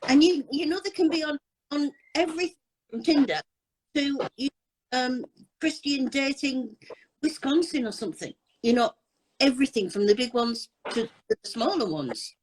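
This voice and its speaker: A woman's voice: high voice, lively intonation, moderate pace, rough recording. An older woman talking casually and bluntly about scammers on a live chat. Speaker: anti-scam advocate.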